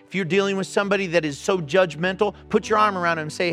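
A man's voice: sits high, fast, few pauses, a bit bright, faint music behind. A man preaching a sermon as pastor, earnest and exhorting, speaking straight to his congregation. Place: church.

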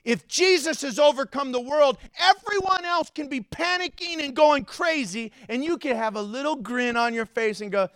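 A man preaching a sermon as pastor, telling stories in an animated way, with loud, high outbursts, and joking and laughing between points. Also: moderate pace, hardly any pauses, no room sound, studio quality. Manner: animated storytelling, gets loud and high acting out scenes.

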